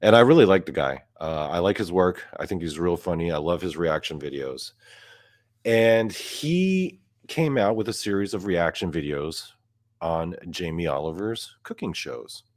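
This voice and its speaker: A young man ranting in a comedic podcast monologue, profane and climbing higher and louder whenever he gets outraged. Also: expressive, moderate pace, dry recording, studio quality. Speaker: podcast host.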